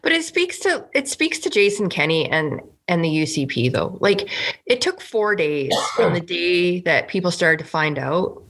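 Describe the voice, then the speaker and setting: A woman's voice: lowish voice, very animated, normal speed, fairly bright tone. A woman from Canada, a provincial legislator, talking earnestly and indignantly in a casual political podcast, with many "like" fillers.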